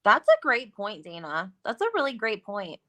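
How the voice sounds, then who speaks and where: A woman's voice: medium pitch, huge pitch swings, normal speed, pushed and bright. A woman guest on a gossip live stream, chatting agreeably with lots of "like" and "um" fillers. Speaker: guest commentator. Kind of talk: casual gossip chat.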